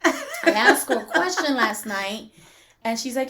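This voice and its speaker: Bright, animated woman in her forties. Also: high voice, unhurried. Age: 40s. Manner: animated storyteller, laughs often, drops to a hushed tone when preaching; many "like" fillers. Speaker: podcast co-host. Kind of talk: casual faith chat.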